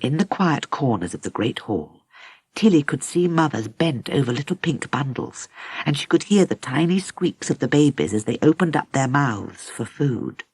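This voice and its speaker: A woman narrating a children's audiobook in an expressive storybook manner. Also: rumbling low, moderate pace, slightly rough, no room sound. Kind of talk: scripted narration.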